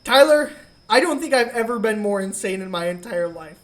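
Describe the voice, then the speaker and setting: A woman co-hosting a podcast, telling a comic story in a casual, profane and animated way. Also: mid-range voice, moderate pace. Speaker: podcast co-host.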